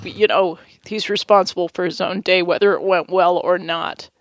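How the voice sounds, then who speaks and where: A woman's voice: fairly low pitch, fairly even intonation, moderate pace. A woman co-hosting a community radio show, chatting casually and playfully into a studio microphone. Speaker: radio co-host. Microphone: studio microphone with headphones. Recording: dry close studio sound.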